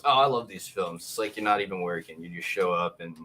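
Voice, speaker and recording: A man's voice: sits low, fast, background noise. A male actor guest chatting casually and hesitantly on a livestream. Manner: easygoing, hesitant, lots of fillers. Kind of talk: casual chat.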